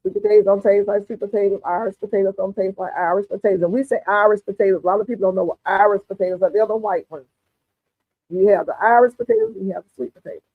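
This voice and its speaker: A woman's voice: medium pitch, lively intonation, fast, dry recording. A woman hosts a gardening livestream, chatting with viewers in a folksy way and calling them honey and darling. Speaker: gardening channel host. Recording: tinny phone-like audio, dry.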